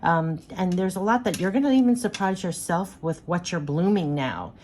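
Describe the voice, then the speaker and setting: A woman's voice: lowish voice, animated, moderate pace, darkish tone, slight background noise. A woman doing a spiritual card reading, speaking in a soothing, repetitive, affirming way.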